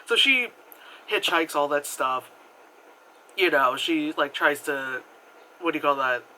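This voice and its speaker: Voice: mid-range voice, lively intonation, unhurried, bright, forceful tone, a little hiss or hum, poor audio. A movie reviewer retelling a film in a casual, rambling way, full of "like" and swearing freely. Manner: rambling, filler-heavy retelling with frequent "like"; swears freely and acts out quoted characters.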